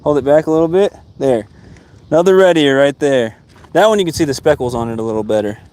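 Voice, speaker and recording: A man's voice: on the high side, animated, fast talker, darkish tone. A man chatting casually while fishing outdoors on a live stream, easygoing and teasing. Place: outdoors by freshwater. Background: wind.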